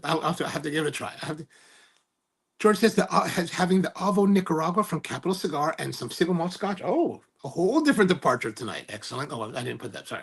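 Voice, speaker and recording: A man's voice: a little high, creaky, fairly bright tone, husky. A man hosting a cigar livestream, chatting casually, reading viewer comments and rambling through stories with lots of self-corrections. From United States. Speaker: cigar review livestream host.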